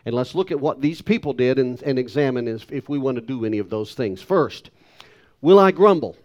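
A man's voice: medium pitch, expressive, brisk, a little mellow, muffled recording. A male pastor giving a sermon, talking emphatically and putting rhetorical questions to the congregation.

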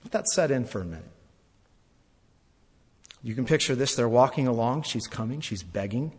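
A man's voice: medium pitch, expressive, normal speed, slightly rough. Dramatic preacher man in a reverberant hall. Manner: dramatic, swings between loud and hushed; repeats phrases for emphasis. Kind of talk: sermon.

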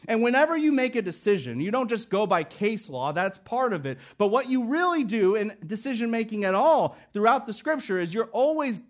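A man's voice: sits high, very animated, fairly quick, hardly any pauses. A middle-aged man preaching an expository sermon, earnest and emphatic, building his points through repeated phrases.

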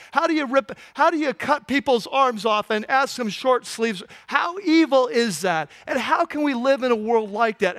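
High-voiced man preaching with animated storytelling. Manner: animated storytelling, acts out voices, rising intensity. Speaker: pastor. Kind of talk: sermon.

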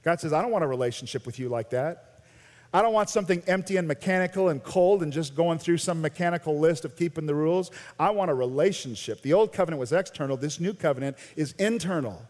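An American pastor with a high-pitched voice preaches to his congregation. His delivery is animated, rising to loud emphasis and dropping to quiet intensity. The sound rings with the long reverb of a large sanctuary. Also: fast. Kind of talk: sermon.

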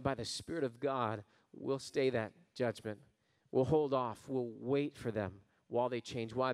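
A male pastor preaching a sermon, his voice sitting a touch higher than most men's. He rises into emphatic, ringing lines and then falls to quiet, low asides. The sound carries a long reverb, like a big hall. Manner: folksy storytelling.

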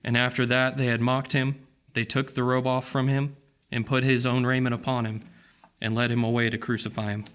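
A man's voice: medium pitch, level tone, brisk, a bit bright, smooth. Man reading scripture steadily. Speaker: scripture reader.

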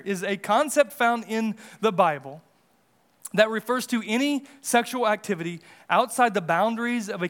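High-voiced man preaching with rising emphasis. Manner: earnest preaching, rises in pitch and volume for emphasis. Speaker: pastor. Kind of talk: sermon.

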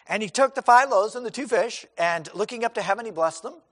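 Guy preaching casual and folksy, high voice that swings all over, acts out little scenes. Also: expressive, a little fast, fairly bright tone, in a large hall. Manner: folksy asides with many "you know"s. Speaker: pastor. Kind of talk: sermon.

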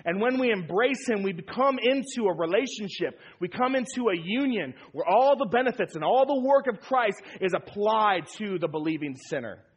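Man, pastor, sermon, emphatic, repeats phrases, high voice, husky tone. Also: animated, normal speed, hardly any pauses, muffled recording.

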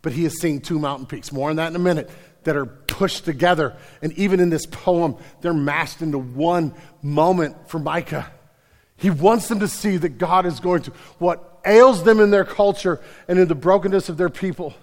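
A man preaching a sermon as pastor, swinging from hushed whispers to loud, emphatic passages and repeating words for emphasis. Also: on the high side, moderate pace, long reverb tail. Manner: repeats words and restarts when stressing a point.

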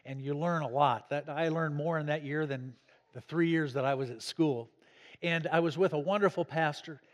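A male pastor preaching a storytelling sermon, swelling to emphasis, in an echoey church. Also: fairly high pitch. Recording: echoey hall.

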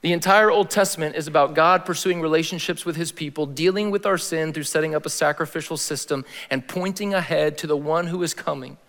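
A man giving a sermon as a pastor, in a casual, slangy style with animated emphasis. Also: a little high, a little fast, hardly any pauses, long reverb tail.

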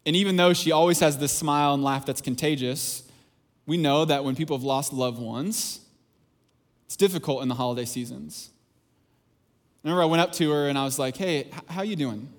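A man preaching a sermon as pastor, earnest and emphatic, repeating phrases for weight and dropping into quieter asides. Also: a little high, a little fast, long pauses.

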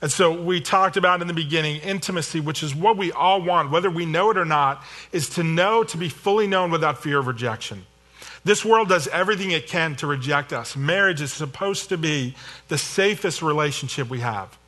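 Bright-voiced man preaching casually. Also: fairly high pitch, a little fast. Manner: conversational and self-deprecating, with storytelling asides. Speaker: pastor. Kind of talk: sermon.

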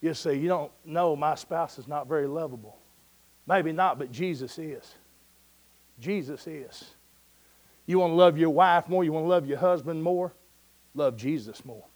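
A male preacher with a fairly high voice delivers a sermon as a story. He talks in a folksy, conversational way and sinks to a near hush at the tender moments. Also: unhurried, pauses often. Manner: storytelling, dropping to a soft hush at moving points.

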